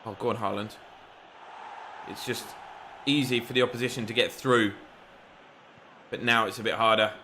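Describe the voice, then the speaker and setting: Brief: gamer, bright tone, excitable match commentary, faint room ambience. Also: male voice, fairly low pitch, normal speed, long pauses, slight background noise. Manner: excitable, shouts at the referee. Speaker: gaming YouTuber. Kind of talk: game commentary.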